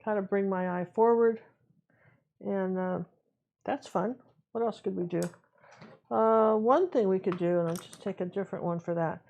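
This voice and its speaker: A woman's voice: medium pitch, moderate pace, creaky, long pauses. A woman teaching a live painting lesson, chatting casually and thinking aloud as she works, with a slightly dull recording. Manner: relaxed, chatty, talks to herself while working. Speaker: painting instructor.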